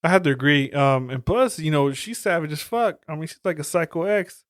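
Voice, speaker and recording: A man's voice: on the high side, fairly quick, no echo, clean studio sound. A man co-hosting a podcast, chatting about movies in a laid-back, profane casual chat. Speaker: podcast co-host.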